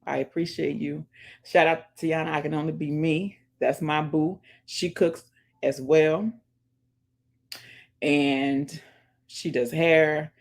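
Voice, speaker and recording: Her voice low and her tone steady, a channel host takes things slowly with long pauses as she chats casually with earphones in, listening to music. She gives emphatic shout-outs and calls her viewers "y'all," and preaches at them to pray and support others.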